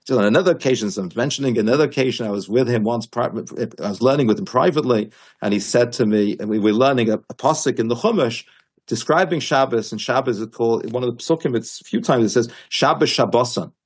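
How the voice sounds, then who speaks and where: Husky guy giving a torah class, tells stories with lots of energy, keeps restarting his sentences. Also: mid-range voice, fast talker. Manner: animated storyteller, many restarts, quotes his teacher emphatically. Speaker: rabbi teaching a class.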